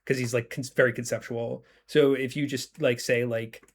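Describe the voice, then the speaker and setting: A man's voice: medium pitch, level tone, moderate pace. A man with a sick voice, casually chatting as game master, rambling with many fillers. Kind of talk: casual chat.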